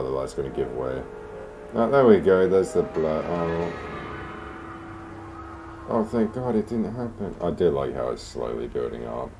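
A man giving casual, sarcastic commentary on a game he is playing, swearing often. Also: extremely low pitch. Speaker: gamer.

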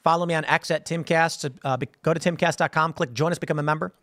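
A male commentary host with a slightly high voice rambles through his point, stumbling over words and starting sentences again. His voice sounds dry and close, with no room sound, as if into a studio mic. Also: steady tone, quick pace, fairly bright tone, no echo. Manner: stammering restarts, repeating words. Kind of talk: casual commentary monologue.

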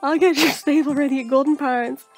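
A friendly farm uncle from a video game, drawling his words slowly, as a woman reads him. The voice stays high and light despite the drawl. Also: steady tone, faint music behind. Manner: slow drawl.

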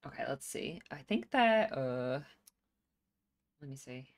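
Deep-ish voice lady streamer, chatty, laughs a lot while playing. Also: animated, slow, gravelly. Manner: chatty, laughs often, reads chat aloud. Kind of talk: casual gameplay chat.

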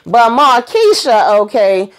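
A woman's voice: a little high, very animated, slow. A woman hosting her own channel, giving a chatty, slangy recap of a TV episode and acting out the characters' lines as she goes.

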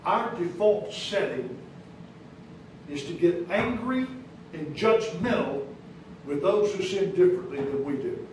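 A pastor preaching a sermon in a church, speaking emphatically with rising questions and sudden soft drops, with an American accent. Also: male voice, high voice, expressive, unhurried. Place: church sanctuary. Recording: echoey church recorded from a distance, noisy.

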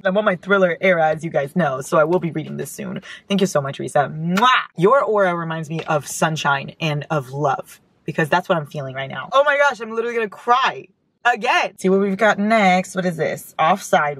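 A woman chatting casually in a car as a book vlogger, gushing and excitable, her voice jumping up into squeals. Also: fairly low pitch. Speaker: book vlogger opening fan mail. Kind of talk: casual chat. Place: inside a parked car.

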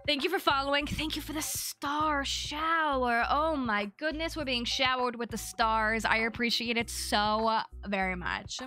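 A young woman streaming a game live, chatting casually with her viewers, bubbly and quick to thank them. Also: high-pitched, fairly even intonation, bright, forceful tone, soft background music. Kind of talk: casual live-stream chat while gaming.

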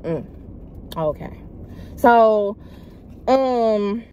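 Speaking in a mid-range voice at a moderate pace, a young woman vlogger tells a personal story directly to her viewers. She's animated and emphatic, rambling and slangy, calling them y'all and acting out quotes loudly.

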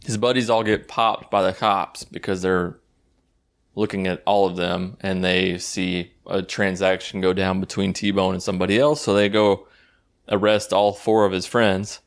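A man's voice: sits low, flat delivery, normal speed. A man giving a casual, rambling and sarcastic recap of a movie, swearing freely as he goes. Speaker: YouTube movie reviewer.

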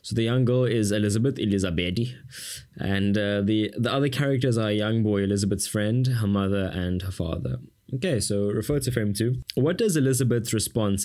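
A man's voice: lowish voice, normal speed, a little mellow. A man from South Africa with a South African accent, giving a casual exam-prep lesson as a tutor with sarcastic, jokey asides to the viewer.

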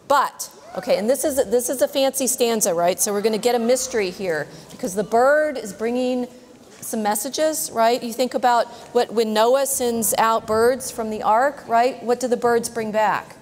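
A woman reading a picture book aloud to children in a large church, lively, pausing to ask them questions. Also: fairly high pitch. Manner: lively, asks questions, says "right?" often. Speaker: reader to children. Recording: long church reverb.

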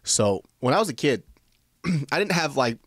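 Expressive man with a swooping voice. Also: medium pitch, measured pace, breathy edge, no room sound, studio quality. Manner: expressive, blunt, laughing storyteller. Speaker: podcast co-host. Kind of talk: casual podcast storytelling.

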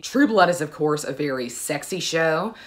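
A woman with a low-pitched voice talks casually to her viewers. She gushes with enthusiasm and fills pauses with frequent uh sounds. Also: expressive. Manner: gushing, enthusiastic, frequent "uh" fillers. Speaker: book vlogger. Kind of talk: casual chat.

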